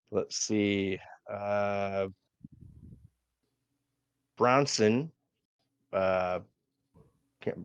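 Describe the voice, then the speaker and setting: A man's voice: lowish voice, smooth, no echo, lo-fi sound. A man co-hosting a wrestling podcast, recapping matches in a hesitant way with lots of fillers. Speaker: podcast co-host.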